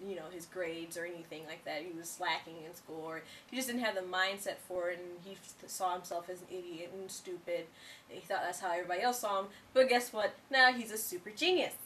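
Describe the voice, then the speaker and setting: A young woman co-hosting a casual TV review chat, gushing and excitable, full of "like" and "you know". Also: on the low side, far from the mic, slight background noise, low-quality recording. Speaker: co-host of a TV review show.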